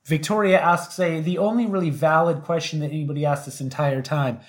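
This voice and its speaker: A podcast co-host in a casual chat, wry and relaxed, often quoting others with plenty of fillers. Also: medium pitch, a little fast. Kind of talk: casual chat recapping a reality show.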